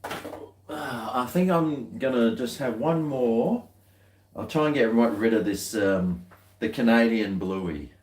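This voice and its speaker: A man's voice: mid-range voice, slow pace, darkish tone, roomy sound, slight background noise. An Australian man chatting casually while tasting beer, rambling along with dry, muttered asides.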